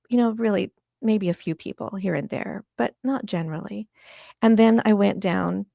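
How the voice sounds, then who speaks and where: A woman's voice: mid-range voice, normal speed, gravelly, dark tone, no room sound, clean studio sound. A middle-aged woman from Washington State, an interview guest, speaking earnestly and with passion. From Washington State, USA. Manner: earnest and impassioned, voice catching with emotion.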